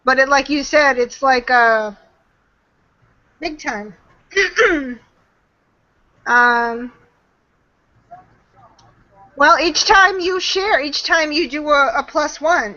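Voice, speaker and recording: Slow bright-voiced woman on a video call. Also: high-pitched, lo-fi sound. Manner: chatty, laughs often, trails off mid-sentence. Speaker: guest marketing trainer. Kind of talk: webinar Q&A chat.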